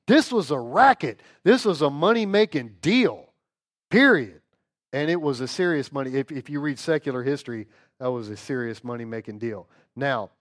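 A man teaching an informal Bible lesson in an animated, joking way, often checking in with rhetorical questions. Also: fairly high pitch.

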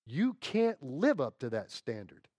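Male pastor, animated sermon delivery, loud bursts and hushed asides, dry close recording. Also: mid-range voice, measured pace, breathy edge, no room sound.

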